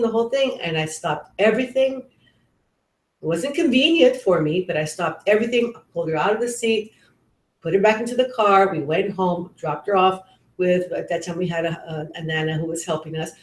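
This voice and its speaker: A middle-aged woman giving a parenting webinar, talking earnestly and conversationally with frequent restarts. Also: mid-range voice. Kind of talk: webinar talk with personal stories. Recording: roomy echo.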